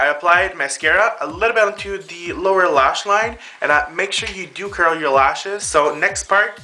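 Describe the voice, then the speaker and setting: A man's voice: a little high, sharp tone. A man hosting a casual makeup tutorial, talking the viewers through each step in a chatty way while he applies the makeup on himself. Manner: chatty, addresses viewers as girls and boys. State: out of breath.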